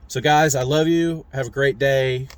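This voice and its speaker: A man's voice: medium pitch, steady tone, moderate pace, clean tone. A man casually telling a rambling, candid story in his own video diary, recorded on a phone in a vehicle. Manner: rambling, candid, self-described talker. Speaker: mental health vlogger.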